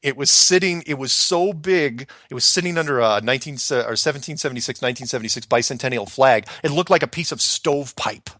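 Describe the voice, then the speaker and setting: A middle-aged man casually telling a story from his past, animated and acting out other people's lines. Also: medium pitch, fast, hardly any pauses, no room sound. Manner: animated, acts out quoted voices, laughs often.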